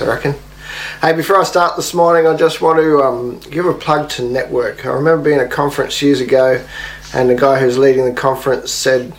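A man's voice: mid-range voice, low-quality recording. Man, pastor, video message to his congregation, easy and encouraging, faint hum behind. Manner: friendly and encouraging, relaxed delivery. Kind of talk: recorded video message to a church.

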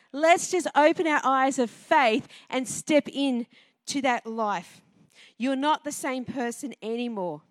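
A woman preaching a sermon to a congregation, lively and conversational, often putting questions to her listeners. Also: sits high, dry recording, studio quality. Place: church before a congregation.

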